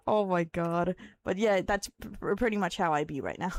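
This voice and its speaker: A woman's voice: lowish voice, slow, pauses often, darkish tone. A tired young Australian woman streamer chatting casually with viewers, giggling, rambling and swearing as she goes. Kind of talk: casual live-stream chat.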